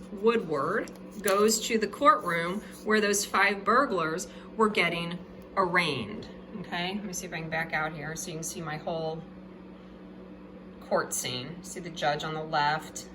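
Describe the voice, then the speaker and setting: A woman's voice: on the low side, background noise. A woman teacher giving a casual video lesson with her own drawings. She is chatty and jokey and keeps checking in with "okay?".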